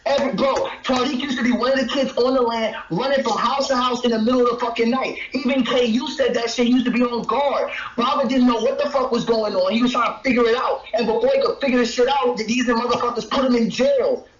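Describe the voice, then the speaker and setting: A man in a heated, profane argument, shouting and defensive as a debate guest. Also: very high voice, fairly even intonation, fast, hardly any pauses, distant mic. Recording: roomy lo-fi call with crowd.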